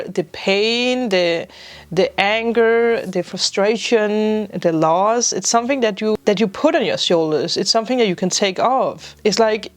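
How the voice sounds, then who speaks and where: A woman giving a spiritual tarot reading to her viewers, emotional and teary, laughing through tears as she offers gentle, reassuring guidance. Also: medium pitch. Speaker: tarot reader.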